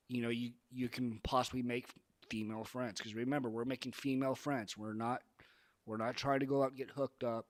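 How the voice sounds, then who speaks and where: A man's voice: medium pitch, a bit bright. A man talking straight to camera, giving dating advice in an emphatic, preachy way, repeating phrases for effect. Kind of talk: casual advice monologue.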